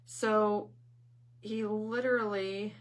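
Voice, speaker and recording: A woman's voice: mid-range voice, steady tone, takes it slowly. A middle-aged woman hosting a craft channel, chatting casually on a live stream and telling rambling family stories. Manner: greets viewers mid-story.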